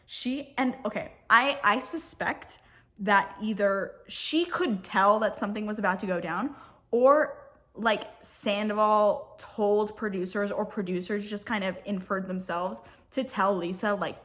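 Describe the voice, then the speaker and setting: A woman vlogger with a mid-range, fairly bright voice retells reality TV drama in a casual, gossipy recap. She's chatty, saying "like" constantly and slipping into quick quoted voices.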